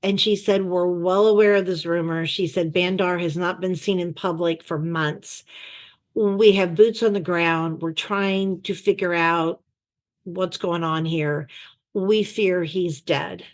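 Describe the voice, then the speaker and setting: A middle-aged woman and former chief of staff, telling lively anecdotes and acting out the people she quotes. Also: fairly low pitch, unhurried. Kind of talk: storytelling in an interview. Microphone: video call.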